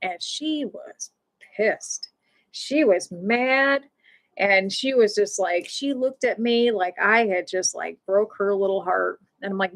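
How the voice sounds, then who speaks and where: A woman hosting a live stream, telling a casual story in a rambling, animated way full of fillers. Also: mid-range voice, slow pace. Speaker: livestream host.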